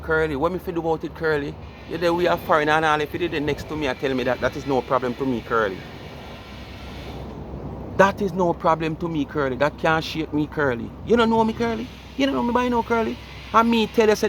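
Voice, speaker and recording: A Jamaican man rants to camera in a mocking, comedic way, his pitch swooping up and down as he keeps calling out the listener's name. His voice sits a touch high for a man, with faint traffic and street sound behind him. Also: fast talker. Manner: animated, repeats the listener's name over and over. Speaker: vlogger. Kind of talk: ranting commentary.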